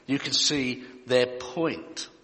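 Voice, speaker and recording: Bright-voiced male preacher in a reverberant hall. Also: mid-range voice, slow. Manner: conversational, with jokes and asides. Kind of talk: sermon.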